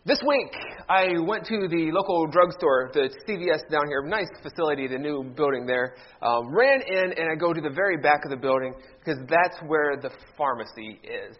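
A high-pitched man in his thirties from Ohio preaches to his congregation, mixing a corny joke with heartfelt thanks. The church recording sounds a bit muffled and lo-fi. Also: lively intonation, normal speed, hardly any pauses. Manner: jokey storyteller turning heartfelt. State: briefly emotional. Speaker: pastor. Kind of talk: sermon with a joke opening. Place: church sanctuary.

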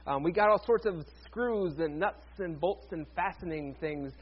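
A man with a high, husky voice preaches a sermon, chatting easily with the congregation and tossing in jokes along the way. The sound is dull and lo-fi. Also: normal speed. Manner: conversational, joking asides to the congregation. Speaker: pastor.

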